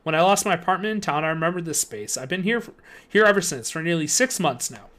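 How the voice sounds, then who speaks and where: A man reading aloud, voicing a gruff middle-aged homeless man who talks in a hoarse, sharp way. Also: a little high, expressive, quick pace. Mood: angry.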